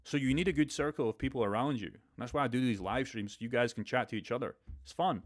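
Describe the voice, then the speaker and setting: A man's voice: medium pitch, quick pace. A young man hosting a crypto live stream, talking bluntly and profanely in a motivational way. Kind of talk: casual live stream chat.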